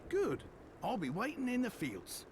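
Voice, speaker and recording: Harry, a cheerful farmer. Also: male voice, very high voice, huge pitch swings, a little slow, background noise, full character voice. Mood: friendly. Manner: cheerful, easygoing, laughs often. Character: friendly young male farmer villager. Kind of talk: video game voice acting.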